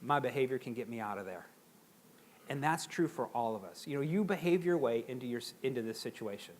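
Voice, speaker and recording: A middle-aged man giving a motivational seminar talk to a live audience, animated and acting out quoted voices. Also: mid-range voice, fairly quick, slight background noise. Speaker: seminar speaker.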